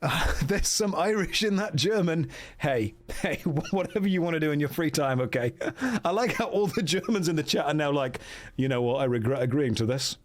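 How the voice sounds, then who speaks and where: A man's voice: on the high side, animated, normal speed. An English man streaming a gamebook, bantering with chat in a jokey way and laughing often. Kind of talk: casual stream commentary.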